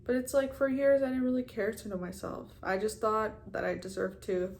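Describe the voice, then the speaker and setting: A woman's voice: mid-range voice, fairly even intonation, moderate pace, vocal fry, a little mellow, a little hiss or hum. A young woman in her twenties talking frankly and casually to her viewers, swearing now and then and calling them you guys. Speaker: vlogger. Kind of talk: candid personal vlog talk.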